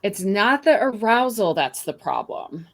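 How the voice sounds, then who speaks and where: A woman speaks as a podcast guest at an ordinary middle pitch. She lays out her ideas at length and in a conversational way, often grounding them in everyday examples. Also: very animated, unhurried. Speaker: guest author.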